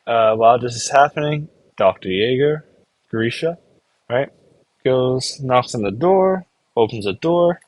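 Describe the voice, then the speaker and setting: A young man with an expressive, medium-pitched voice casually recaps an anime, rambling and briefly acting out characters in quick put-on voices. As an anime reviewer, he's recorded roughly with no room sound.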